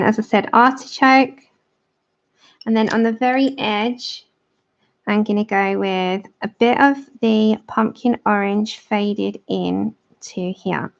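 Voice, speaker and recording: A woman's voice: medium pitch, vocal fry, highs cut off. A woman with a London accent hosting a colouring livestream, chatting with viewers and talking them through each step as she works. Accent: London English.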